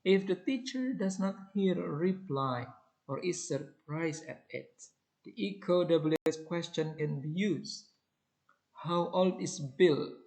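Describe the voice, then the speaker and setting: Man reading english lesson examples, slow and careful, kinda high voice. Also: animated, gravelly, darkish tone, low-quality recording. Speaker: English teacher. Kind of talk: reading lesson material aloud.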